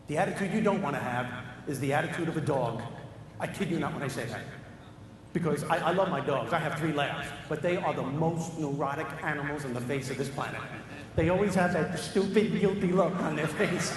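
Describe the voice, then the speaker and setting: A man's voice: on the high side, fast, very noisy. A man giving a comedic motivational keynote, emphatic and repetitive, in a large hall. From New York. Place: large hall with a live audience. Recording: reverberant hall.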